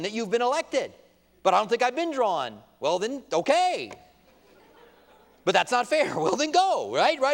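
Man preaching, high voice, impassioned, emphatic bursts, long church-hall reverb. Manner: impassioned, rising to emphatic outbursts, quotes opponents in mock voices. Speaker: pastor. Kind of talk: sermon. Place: church sanctuary at a pulpit.

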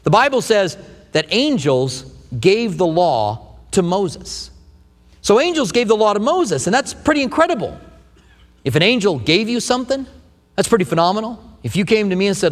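A middle-aged man preaching a sermon, telling stories with humor in an animated way. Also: sits high, a little fast. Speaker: pastor. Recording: long hall reverb.

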